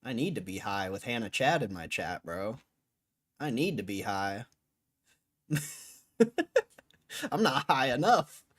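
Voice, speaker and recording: A man's voice: fairly low pitch, animated, unhurried, pauses often. A man on a live stream, arguing with his chat in a casual, cussing way, tired after hours on air. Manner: argumentative, swears, laughs between lines. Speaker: livestreamer.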